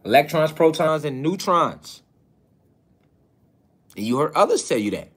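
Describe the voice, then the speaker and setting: A man's voice: on the high side, very animated, measured pace, a bit bright, slightly rough. A man giving a preaching-style spiritual lecture, hammering his points with repeated phrases and rhetorical questions. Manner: repeats key phrases for emphasis.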